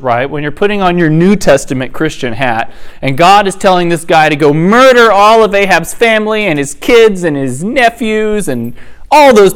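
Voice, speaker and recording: A man's voice: high voice, clean tone. A man hosting a podcast who retells Bible stories in a casual, humorous, chatty way. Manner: humorous, chatty, acts out the characters' lines. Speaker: podcast host teaching the Bible.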